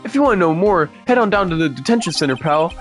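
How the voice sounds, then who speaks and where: A man doing a gruff, bumbling detective from a video game, always hungry and always saying pal. The voice swings widely in pitch, and faint game music plays underneath. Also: animated, fast talker. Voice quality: gruff, calls everyone pal. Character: gruff, hungry, blustering male police detective.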